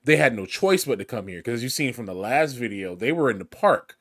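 A man's voice: medium pitch, big pitch swings, a little fast, fairly bright tone. A man giving casual, chatty commentary over news footage, often repeating words as he talks. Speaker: video commentator.

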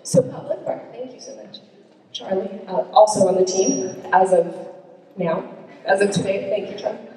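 A woman's voice: medium pitch, moderate pace, pauses often, warm tone. A woman council member talking to constituents at a public meeting, conversational, often asking the audience questions, a little out of breath. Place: meeting room, audience present. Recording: echoey hall recorded from far off.

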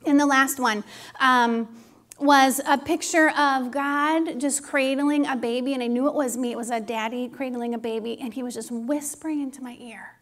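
A woman giving a personal testimony at a church service, speaking in an earnest, intimate, encouraging way and sometimes softening to a hush. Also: high voice, fairly even intonation, normal speed. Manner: earnest, intimate, encouraging, drops to a hushed whisper when quoting God.

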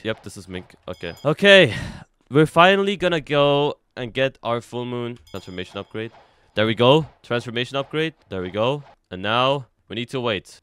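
A young man streaming himself playing a game, excitable and full of slang, jumping from loud shouts to low mutters. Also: clean tone, dry recording. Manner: casual slang, says "bro" often. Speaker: gaming streamer. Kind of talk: live gameplay commentary.

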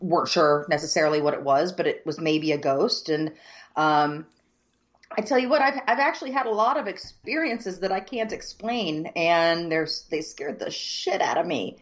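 Low-voiced woman telling a story. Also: animated, dull audio. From southern United States. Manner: measured, many ums, descriptive. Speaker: co-host. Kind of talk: casual chat, storytelling.

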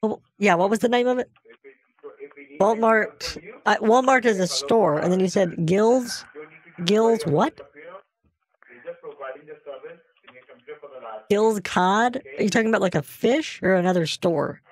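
A man's voice: sits high, unhurried, pitched above the performer's own voice. A man voicing a sassy, talkative older woman who feigns confusion and keeps calling the caller honey. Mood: sassy confused. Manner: chatty, feigns confusion, calls him honey. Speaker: scam baiter.

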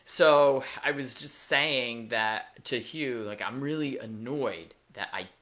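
A woman's voice: rumbling low, slow, fairly bright tone. A middle-aged woman hosting a pet podcast, telling a casual story with wry asides and plenty of fillers. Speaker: veterinarian podcast host.

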